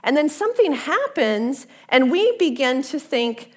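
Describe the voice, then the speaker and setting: Slow, earnest woman preaching a sermon. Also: high-pitched, sing-song. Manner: conversational, earnest, drops to soft near-whisper for quoted invitations. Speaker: pastor.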